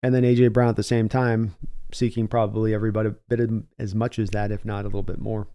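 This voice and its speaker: Mellow-voiced man hosting a live stream. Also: lowish voice, little pitch movement, quick pace, smooth. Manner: thinks aloud, reading and answering viewer comments. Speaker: podcast host. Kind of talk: casual live-stream chat.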